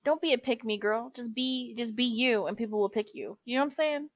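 A woman's voice: fairly high pitch, fairly quick, no room sound. Chatty, swearing woman podcaster. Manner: chatty, swears freely, calls everyone girl. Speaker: podcast co-host. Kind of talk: casual chat.

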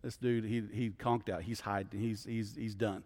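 A man's voice: lowish voice, little pitch movement, normal speed, a little mellow. A man, a guest pastor teaching a Bible study in a conversational way, often checking in with his listeners. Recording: long hall reverb.

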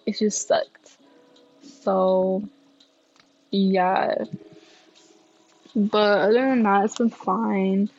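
A woman's voice: medium pitch, level tone, very slow, pauses often, a little mellow, dull audio, soft background music. A tired young woman, talking candidly and swearing often in a casual solo podcast. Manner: candid and profane, many fillers. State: tired, yawning. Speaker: podcast host.

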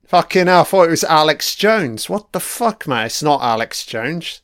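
A man's voice: fairly high pitch, lively intonation, moderate pace, fairly bright tone, no echo, studio quality. A man giving crude, profane live reaction commentary while watching an episode. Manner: crude, profane running remarks.

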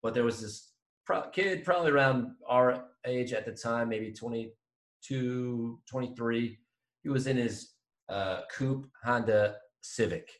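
A man's voice: medium pitch, measured pace. Man telling stories in an echoey room. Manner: animated storytelling, swearing. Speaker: podcast co-host. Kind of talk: casual chat.

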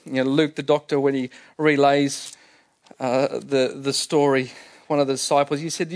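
A man's voice: mid-range voice, level tone, normal speed. A man preaching a sermon, explaining scripture in a conversational way and repeating key phrases for emphasis.

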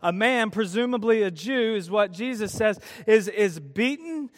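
Preaching a sermon at a youth event, a man with a high voice speaks at normal speed and retells a story with lively emphasis, firing off many rhetorical questions. The recording carries long hall reverb.

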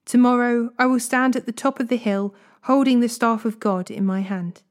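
A woman reading Bible passages aloud in a steady, measured way. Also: a little high. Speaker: Bible reader. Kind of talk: scripture reading.

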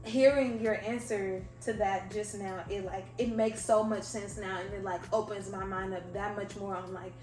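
A woman hosting a podcast, talking casually in a rambling, animated way with lots of fillers. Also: medium pitch, moderate pace, hardly any pauses. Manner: rambling, animated, heavy use of "like". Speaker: podcast host. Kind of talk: casual interview chat. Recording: echoey room, faint music.

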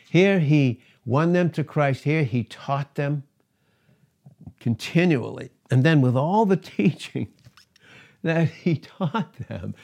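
Male pastor, mid-pitched voice, animated sermon delivery with scripture readings. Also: creaky. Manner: animated preaching, reads scripture aloud, laughs between points.

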